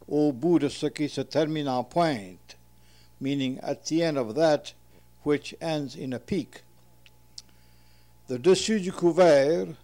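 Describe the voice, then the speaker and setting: A man's voice: on the high side, darkish tone. A man reading aloud from his own translation of a word list, reading each entry, repeating words carefully and explaining them.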